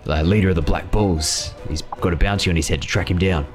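A man voicing a rough male bounty hunter who keeps calling people mate, blunt and mercenary, in a tabletop game. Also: low voice, steady tone, fairly quick, over music, natural voice. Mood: gruff.

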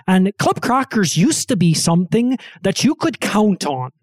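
A man doing an impression of a pompous male public intellectual, speaking in a slow, solemn lecturing cadence with a slight Irish-sounding brogue. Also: sits high, big pitch swings, no room sound, clean studio sound, full character voice.

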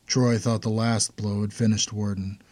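Male narrator for fiction, steady and tense delivery, dry close sound. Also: fairly low pitch, moderate pace, no room sound.

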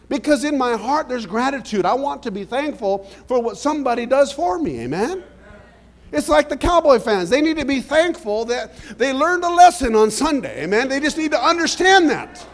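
High-voiced preaching man. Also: big pitch swings, brisk. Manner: storytelling, frequent "amen?" to the congregation. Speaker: pastor. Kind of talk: sermon.

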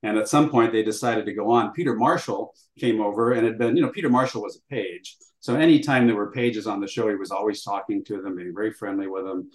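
An older man with a fairly low voice tells a story to an interviewer. He acts out bits of dialogue and leans on fillers as he goes. His voice rings in a noticeably roomy space. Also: quick pace, few pauses. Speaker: interview guest. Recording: roomy echo.

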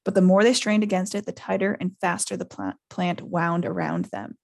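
A woman hosting a podcast, reading a novel aloud in a lively way. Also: fairly low pitch, brisk. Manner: lively, laughs often. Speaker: podcast host.

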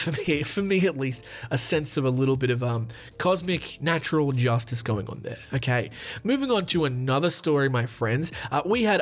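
A man hosting a podcast in a chatty, rambling monologue, with frequent fillers and restarts. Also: fairly high pitch. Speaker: podcast host.

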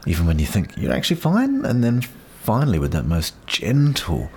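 Outdoors in the wind, a middle-aged man with a New Zealand accent hosts a podcast, sharing personal experience in an earnest, encouraging monologue. His lowish, darkish voice swings hugely in pitch at a normal speed, and faint wind sounds in the background.

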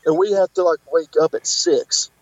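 A man's voice: normal speed, no echo. A man guest on a podcast, telling a story casually and acting out the people he quotes. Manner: animated, acts out quotes with pitch jumps. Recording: dull lo-fi podcast audio.

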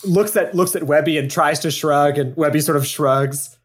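A man playing a tabletop role-play game in a relaxed, playful way. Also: a little high, normal speed. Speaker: player.

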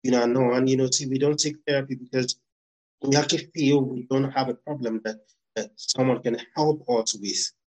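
A man who works as a therapist, speaking as a podcast guest in a casual, reflective way, often pausing with fillers. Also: mid-range voice, steady tone, darkish tone, poor audio. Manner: reflective, halting with many fillers. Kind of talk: casual interview.

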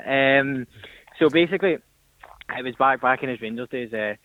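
A man's voice: mid-range voice, unhurried. A young man calling in to a radio show, telling a story animatedly and acting out the voices in it. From Northern Ireland. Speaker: caller. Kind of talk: phone-in storytelling. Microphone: phone. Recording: tinny phone line.

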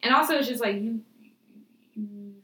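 A woman's voice: fairly high pitch, moderate pace, bright, forceful tone, echoey room, low-quality recording. A young woman in casual chat who speaks bluntly and swears freely.

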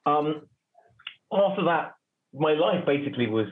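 Man from north London, low voice, wry and reflective, tinny phone-like sound. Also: lively intonation, moderate pace. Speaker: guest, general counsel. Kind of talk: interview storytelling.

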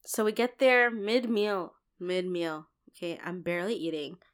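A woman's voice: on the low side, a little slow, clear, resonant tone. A young woman in casual chat, retelling a story dramatically, with laughter and swearing.

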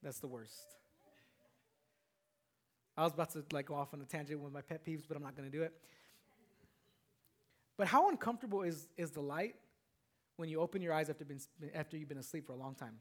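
A man preaching a sermon as a pastor, animated and repetitive, calling out to the congregation. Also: fairly high pitch, a little fast, long pauses.

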